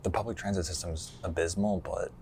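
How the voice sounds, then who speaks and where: A laid-back man from the United States chatting as a guest, his voice low and gravelly with a touch of fry. He talks loosely, swears offhandedly and laughs easily, with a faint hiss of room noise behind him. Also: fairly even intonation, brisk, darkish tone. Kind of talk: casual chat.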